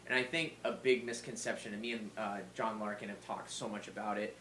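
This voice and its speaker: Appearing casually on a podcast, this male Muay Thai fighter and coach speaks briskly in a fairly low, fairly bright voice with rather even intonation. His talk is rambling, profane, and packed with fillers, recorded with a roomy echo and a little background noise.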